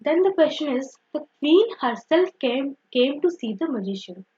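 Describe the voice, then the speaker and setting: A woman's voice: sits high, sing-song, normal speed, warm tone, highs cut off. A woman teaching an online grammar lesson, explaining step by step and often saying "simple" and "okay".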